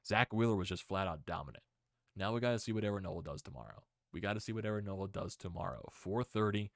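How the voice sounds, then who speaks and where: Male sports streamer, low and gravelly, excitable, repeats himself, dry sound. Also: dry recording. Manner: excitable, repetitive exclamations. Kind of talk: casual sports recap stream.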